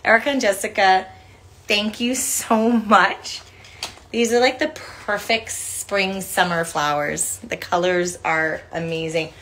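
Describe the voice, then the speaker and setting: A woman's voice: mid-range voice, fairly even intonation, slow pace, a bit bright. A tired woman in her forties chatting on a phone livestream in a room at home, reading fan cards aloud and filling her talk with "like". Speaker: actress thanking fans on a livestream. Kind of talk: casual livestream chat. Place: indoor room with couches.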